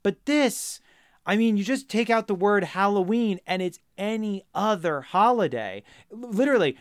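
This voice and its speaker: A man co-hosting a comedy podcast, riffing in animated, mock-outraged rants. His voice is fairly high and smooth. It is recorded close and dry. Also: moderate pace, dry recording. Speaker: podcast co-host. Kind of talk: casual comedic chat.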